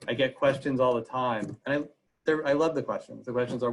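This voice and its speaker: A man's voice: mid-range voice, fairly quick, a little hiss or hum, low-quality recording. A man giving a legal presentation on a video call, speaking conversationally with frequent "uh" fillers. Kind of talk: webinar presentation.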